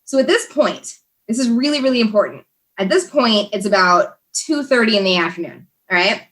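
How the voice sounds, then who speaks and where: A woman's voice: medium pitch, expressive, a little fast, a bit bright. A young American woman, a podcast guest, telling a story in casual chat, laughing often and talking with many fillers and restarts. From USA.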